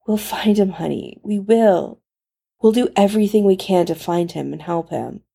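A woman voicing a caring man who talks briskly and reassures softly. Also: high-pitched, vocal fry, husky, exaggerated voice. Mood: soothing. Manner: soothing, brisk and practical. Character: caring, reassuring man, fast-talking and steady.

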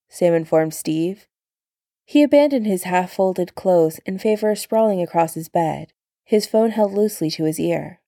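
A woman narrating fan fiction aloud in a calm, even manner. Her voice is gravelly and mellow. The recording is dry and close. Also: fairly low pitch, measured pace, no echo. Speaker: story narrator.

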